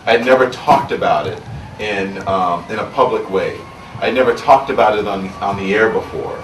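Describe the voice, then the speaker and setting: An author from Louisiana speaks candidly at a book signing, telling his story to the audience in an earnest, reflective way. His voice is on the low side and animated, at normal speed, recorded from far off with roomy sound, background noise and faint ambience.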